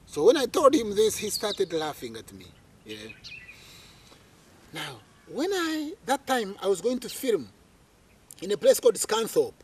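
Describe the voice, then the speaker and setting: A man from Uganda, an interview guest telling a story in conversation. He is animated and repeats phrases for emphasis. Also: high-pitched, a little slow, long pauses, a little hiss or hum.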